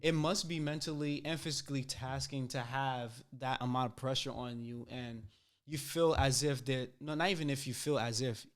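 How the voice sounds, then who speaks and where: A man's voice: mid-range voice, fairly even intonation, normal speed. A man hosting a casual podcast debate, agreeable and often affirming what his guest says. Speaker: podcast host.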